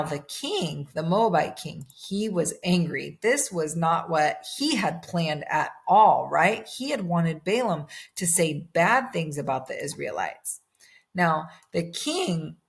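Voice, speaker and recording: A woman telling a Bible story to children as a church lesson, animated and full of questions to her young listeners. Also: fairly low pitch.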